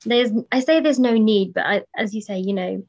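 A British woman hosting a podcast, speaking thoughtfully and with measured pauses and fillers. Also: medium pitch, darkish tone. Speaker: podcast host. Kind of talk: podcast conversation. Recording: dull lo-fi audio.

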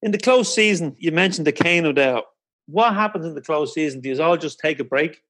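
A man's voice: fairly high pitch, lively intonation, fairly quick, a bit bright. A man hosting an interview, asking questions with enthusiasm and frequent restarts. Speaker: podcast host. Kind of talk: casual interview.

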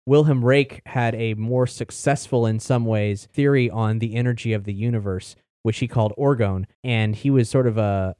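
A man's voice: medium pitch, steady tone, normal speed, few pauses, dark tone, smooth, no room sound, clean studio sound. A man hosting a podcast, talking in a rambling, chatty way and casually swearing. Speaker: podcast host. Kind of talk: casual chat.

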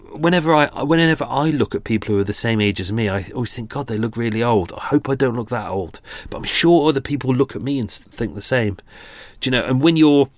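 A man's voice: on the low side, no room sound. A man in his forties hosting a true-crime podcast, talking casually with many restarts and self-deprecating asides. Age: 40s. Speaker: podcast host.

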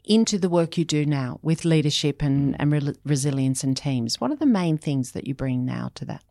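A woman's voice: low voice, expressive, moderate pace, dark tone, dry recording, clean studio sound. A woman who runs a business network, interviewing her guest and drawing him out with short, encouraging affirmations. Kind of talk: podcast interview.

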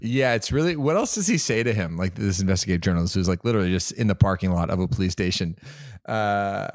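A man chatting on a podcast whose pitch bounces all over. He laughs often and slips into mock voices. The sound is dry and close, with no room around it. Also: animated, fast, dry recording. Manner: giggly, eager questioner who mimics voices. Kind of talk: casual chat.

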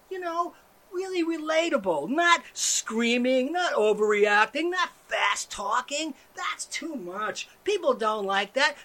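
A man hosts a satirical comedy monologue in a bright, sharp voice whose pitch leaps all over the place. He keeps swinging between soft, hushed mellow talk and sudden yelling, all played with heavy irony. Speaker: show host.

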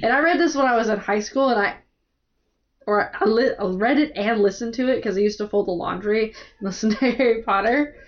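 A woman's voice: fairly high pitch, brisk, highs cut off. A woman co-hosting a casual book discussion podcast, chatty and agreeable.

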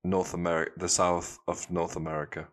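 A man's voice: low-pitched, little pitch movement, fairly quick, fairly bright tone. A man hosting a podcast, rambling and playfully teasing his co-hosts in casual chat. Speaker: podcast host.

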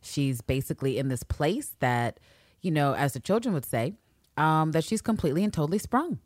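A woman co-hosting a fan podcast in casual chat, animated and quick to act out characters' lines. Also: deep voice, no echo, studio quality. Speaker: podcast co-host.

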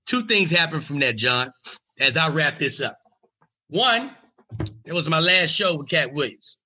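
Animated, husky male comedian telling a story. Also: a little high, unhurried. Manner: animated, acts out voices. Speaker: stand-up comedian. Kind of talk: storytelling on a talk show.

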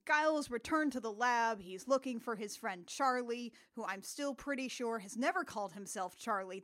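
A woman with a high, very lively voice tells a film's story in a casual comedic way. She swoops up and down in pitch as she goes, laughing often as she recaps the scenes. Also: normal speed, hardly any pauses. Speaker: podcast host recapping a film.

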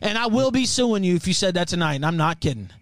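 A man's voice: high-pitched, animated, fast, no echo. A man hosting a livestream, delivering a profane, threatening, heated rant. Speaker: livestream host.

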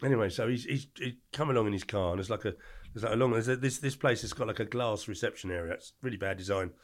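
A man's voice: on the low side, fast talker. An older man, a podcast guest telling stories in a rambling, blunt way, often stopping to correct himself. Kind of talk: casual storytelling.

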